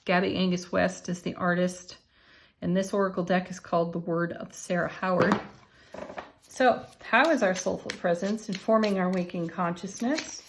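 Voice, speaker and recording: A woman's voice: fairly low pitch, steady tone, moderate pace, noisy background. A woman reading tarot and oracle cards in a casual, encouraging way, laughing often as she talks. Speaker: tarot and oracle card reader. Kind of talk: casual spiritual card reading.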